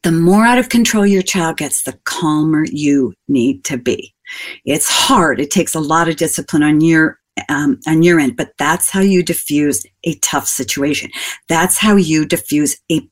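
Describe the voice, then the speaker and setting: A woman's voice: low voice, measured pace. An older woman giving a parenting talk, chatting with the audience, asking them questions and telling stories from her own family. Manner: conversational, asks the audience questions and tells personal stories. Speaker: parenting speaker.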